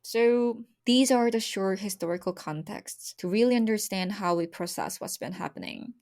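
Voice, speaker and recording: A woman's voice: medium pitch, normal speed, darkish tone. A young woman from South Korea, speaking earnestly and with emotion as a podcast guest about her country's history. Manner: earnest, emotional, repetitive emphasis. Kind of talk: personal conversation about history.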